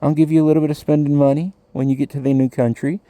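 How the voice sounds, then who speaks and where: A man's voice: fairly high pitch, flat delivery, fast, dark tone, dry recording. Man, dry close sound, rambling profane rant, frequent laughs. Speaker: commentator. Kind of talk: casual ranting monologue.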